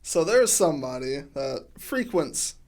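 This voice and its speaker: Young male podcast guest, joking, casual, a bit high-pitched. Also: very animated, measured pace. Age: 20s. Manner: joking, playful riffing. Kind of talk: casual chat.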